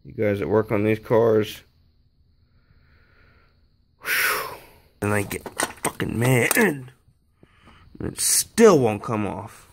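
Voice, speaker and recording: Man, slow-talking, strained, cursing under his breath, tool clicks audible behind. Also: lowish voice, expressive, slight background noise. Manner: swearing, straining and muttering while he works. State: strained from physical effort. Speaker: DIY car repair vlogger. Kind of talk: casual talk while working.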